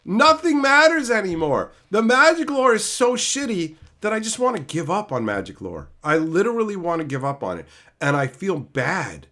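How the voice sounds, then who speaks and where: Young male streamer, sarcastic angry ranter, very animated pitch. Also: moderate pace. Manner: angry, profane, sarcastic ranting. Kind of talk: livestream rant.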